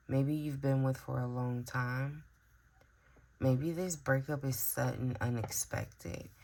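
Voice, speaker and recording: A woman's voice: rumbling low, darkish tone, slight background noise. A woman giving a casual tarot reading, musing aloud with frequent fillers and sighs. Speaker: tarot reader.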